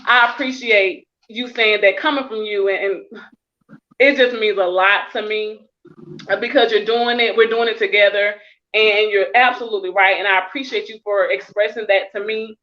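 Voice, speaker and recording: A woman in casual, heartfelt conversation, telling stories in an effusive, animated way. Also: mid-range voice, normal speed. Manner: effusive, animated storytelling with laughter. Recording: muffled lo-fi audio.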